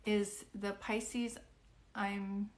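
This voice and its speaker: A woman's voice: mid-range voice, little pitch movement, drawn-out words. Chatty woman medium on a phone live. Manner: chatty, reassuring, full of "like" and "do you know what I mean". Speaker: psychic medium giving live readings. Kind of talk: casual live-stream reading.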